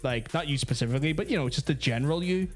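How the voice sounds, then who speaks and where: A man's voice: a little high, racing, faint music behind. A young Northern Irish man hosting a crude comedy talk show, rambling with lots of fillers. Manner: rambling, lots of "like" and "you know".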